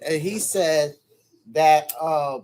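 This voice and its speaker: On a livestream, a New York man chats casually in a fairly high, slightly mellow voice, drawing out his words. He rambles and swears, hesitates a lot, and often calls out to his viewers.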